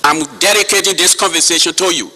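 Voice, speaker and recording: Liberian man, 50s, impassioned witness addressing a chairman; sharp bright tone. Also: high voice, fast talker, slightly rough. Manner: forceful, repeats key words for emphasis, addresses the chairman. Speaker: witness giving testimony. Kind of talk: impassioned public testimony. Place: hall.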